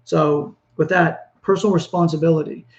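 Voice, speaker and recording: A man's voice: fairly high pitch, fairly even intonation, normal speed, lo-fi sound. A man hosting a self-help talk, speaking earnestly in a rambling monologue with frequent restarts. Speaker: podcast host. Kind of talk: motivational monologue.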